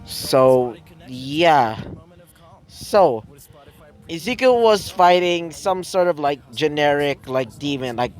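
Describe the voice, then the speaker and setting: Young male narrator; slow, rambling improvised storytelling. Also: fairly high pitch, expressive, soft background music. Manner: rambling, filler-heavy, many "well"s and "like"s. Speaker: fan fiction narrator.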